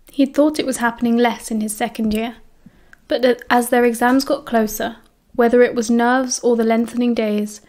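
A British woman reads an audiobook aloud with a steady storytelling pace. Her voice sits a little high for a woman. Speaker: audiobook reader. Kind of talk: audiobook narration.

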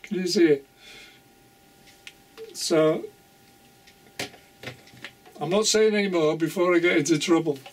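A man's voice: fairly high pitch, takes it slowly, long pauses, recorded from a distance, slight background noise. An older man chatting casually to camera about his model railway, rambling and chuckling often.

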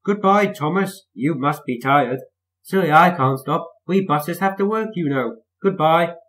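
A man reading a storybook aloud and voicing a friendly but boastful male bus in a slow, drawling voice. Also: fairly high pitch, a bit bright, pitched above the performer's own voice, poor audio.

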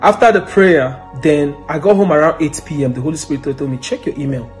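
A man giving an earnest, emotional spoken testimony, now and then bursting into loud praise. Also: fairly high pitch, fairly quick, faint music behind. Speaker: testimony giver.

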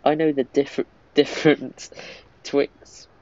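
A gruff old cowboy cook from a mobile game, as a man reads his lines aloud. The reading stays plain and unaccented at a middle pitch. The recording is a little dull, with a faint hiss underneath. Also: level tone, slow, darkish tone, close to an everyday voice. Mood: amused reading.

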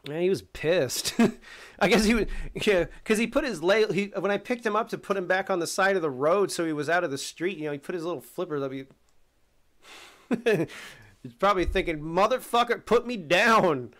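A man talking casually and profanely on a stream, telling animated stories. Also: high-pitched, fairly quick. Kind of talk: casual rant.

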